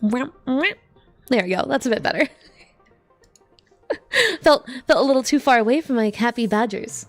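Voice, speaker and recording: A woman's voice: sits high, lively intonation, takes it slowly, long pauses, a bit bright, soft background music. A woman streamer chatting casually while gaming, bubbly and talkative, reading viewers' messages aloud and laughing often.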